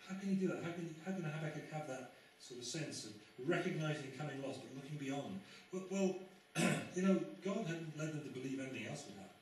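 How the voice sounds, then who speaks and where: A man's voice: a little high, expressive, a little fast, darkish tone, slight background noise. A man preaching a conversational sermon, with wry asides and sudden emphatic rises, in a church. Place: church sanctuary. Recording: very echoey church, mic far off.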